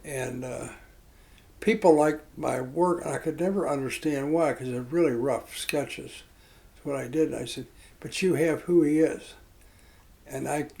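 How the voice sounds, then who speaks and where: An older man telling reflective personal stories in a rambling, halting way, with many fillers and restarts. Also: fairly high pitch, creaky, a little mellow, poor audio. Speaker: interviewee. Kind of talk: reflective storytelling.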